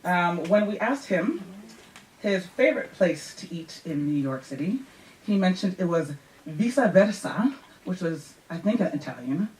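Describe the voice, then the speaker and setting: A woman with a fairly low voice chats a little flustered from the stage as she brings on the next speaker. Her voice carries from a distance in an echoey room with faint noise behind it. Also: expressive, measured pace, darkish tone. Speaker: event host. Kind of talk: stage introduction.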